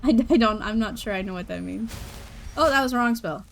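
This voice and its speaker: A woman's voice: fairly high pitch, brisk, gravelly, slight background noise. A young woman streaming a game, chatting casually, giggling and reacting to chat as she plays. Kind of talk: casual gameplay commentary.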